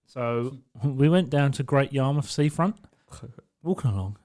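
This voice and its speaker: This podcast co-host, a young man from England, is expressive and a little slow, his mid-range voice darkish in tone. He laughs often while telling sweary stories in casual chat, acting out voices in the quotes. He's recorded on a studio mic on an arm.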